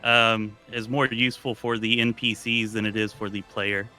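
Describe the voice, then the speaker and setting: A man hosting a casual gaming podcast, talking in a relaxed, rambling way with many fillers and restarts. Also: fairly low pitch, moderate pace, soft background music. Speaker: podcast host.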